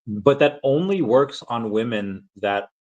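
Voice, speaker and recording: A man in his late twenties or thirties hosting a casual livestream, rambling with many restarts and acting out pickup lines in a deeper voice. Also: expressive, measured pace, a little mellow. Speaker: livestream host. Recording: dull, lo-fi sound.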